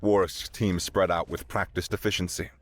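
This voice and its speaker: A man narrating a sci-fi story in a steady, dramatic way. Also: low-pitched, normal speed, no room sound.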